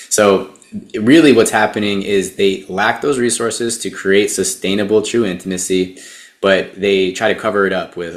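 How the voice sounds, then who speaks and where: A man, a therapist and dating coach, who speaks as an interview guest in a measured way and explains things step by step. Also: deep voice, steady tone, reverberant.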